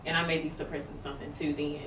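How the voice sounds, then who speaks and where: A woman's voice: sits low, little pitch movement, fast talker. A woman co-hosting a talk show who speaks openly about her struggles, rambling, with lots of fillers. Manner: open, rambling, with many fillers. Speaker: podcast co-host. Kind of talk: candid personal talk. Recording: roomy, far from the mic, noisy background.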